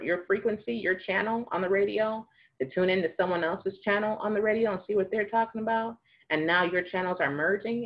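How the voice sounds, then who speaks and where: A woman's voice: medium pitch, highs cut off. A woman giving casual spiritual advice to viewers, chatty and laughing now and then, acting out little dialogues as she goes. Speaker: spiritual advisor.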